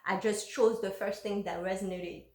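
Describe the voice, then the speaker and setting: A woman's voice: medium pitch, steady tone, moderate pace, dark tone, roomy sound. A woman vlogger candidly recounting her own life story, frank and emotional, swearing openly.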